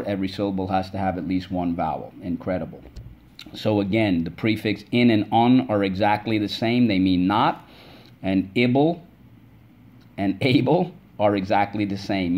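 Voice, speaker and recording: A man's voice: on the low side, a little mellow, highs cut off. A male teacher giving a spelling lesson to children, patient and stretching out the syllables of each word. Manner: slow, patient, drawn-out syllables.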